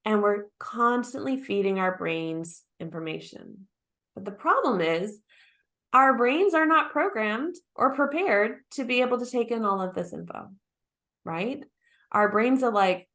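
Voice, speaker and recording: A woman speaking into a stage mic at a conference, with an easy, chatty delivery. She turns to the audience with direct questions and checks in with a quick "right?". Her pitch sits at an ordinary middle height. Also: lively intonation, fairly bright tone. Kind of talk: conference talk.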